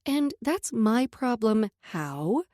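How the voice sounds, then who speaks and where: A fiery young heroine, sharp-tongued and quick to blow up, as a woman narrator puts her on. Her voice leaps around, loud and biting. It is read close to the mic in a dry studio. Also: fairly high pitch, very animated, dry recording. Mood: indignant.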